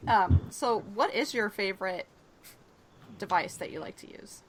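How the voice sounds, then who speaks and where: A woman's voice: mid-range voice, animated, unhurried, a little hiss or hum. A woman hosting a radio interview, chatting casually and agreeing often with her guest. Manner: chatty, agreeable, frequent backchannel affirmations. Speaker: radio show host.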